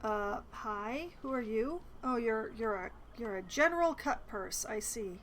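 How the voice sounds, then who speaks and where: A chatty woman talking through her game from her apartment late at night, her voice sitting a touch high. She muses to herself and reads the on-screen dialogue aloud, with a faint hiss behind her. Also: lively intonation, a little slow, a bit bright, poor audio. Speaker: game streamer. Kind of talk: casual let's-play commentary. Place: apartment at home.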